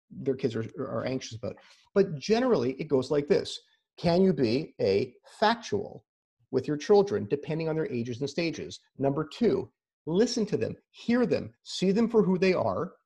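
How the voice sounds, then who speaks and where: A man's voice: fairly high pitch, darkish tone, slightly rough. A man speaking as a therapist guest in a casual conversation over a video call. He often repeats words as he starts a sentence and lays his advice out in practical steps. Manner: explains in numbered practical steps.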